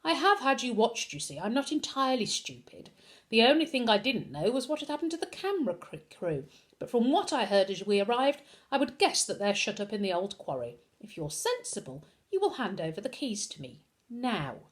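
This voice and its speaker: Cold bossy villain headmaster read by a woman, clipped and commanding, bouncy pitch. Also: big pitch swings, fairly quick.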